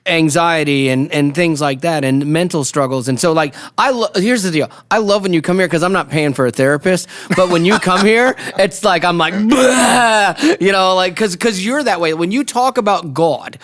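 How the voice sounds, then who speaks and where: A man's voice: fairly high pitch, a little fast, hardly any pauses, a bit bright. A man hosting a radio show, chatting casually with a guest, emotional and self-deprecating, laughing often. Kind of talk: casual conversational interview.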